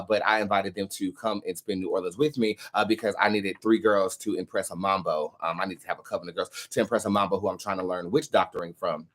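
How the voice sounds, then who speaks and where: A man with a lowish, slightly bright voice hosts a tarot livestream. He chats casually and tells stories to his live viewers, with frequent ums and uhs.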